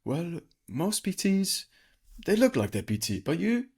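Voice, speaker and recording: A man imitating a condescending male doctor with an Indian accent, in a slow, teasing drawl over a video call. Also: sits high, very animated, gravelly, a little mellow, husky, voice pushed up, exaggerated voice.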